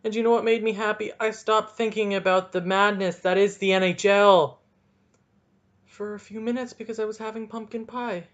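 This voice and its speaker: A man's voice: high-pitched, steady tone, normal speed, a bit bright, muffled recording. A young man hosting a solo podcast, ranting and rambling with goofy, self-mocking asides. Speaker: podcast host.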